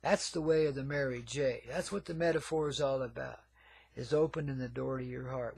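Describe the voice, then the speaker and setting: Older male radio host, a bit high-pitched, laid-back hippie monologue, calls everyone man and babies. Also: gravelly, slightly rough, dry recording. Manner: swings between murmured asides and loud outbursts. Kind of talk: rambling monologue.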